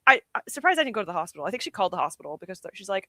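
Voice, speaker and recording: A woman's voice: medium pitch, big pitch swings, very fast, pushed and bright, dry recording. A young woman streamer chatting casually and giggling often, poking fun at herself. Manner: chatty, giggly, self-deprecating. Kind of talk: casual livestream chat.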